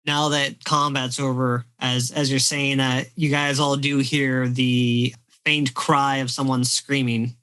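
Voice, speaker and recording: A man running a tabletop game as game master, describing scenes in a relaxed storytelling way. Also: medium pitch, slow pace, clean tone, rough recording.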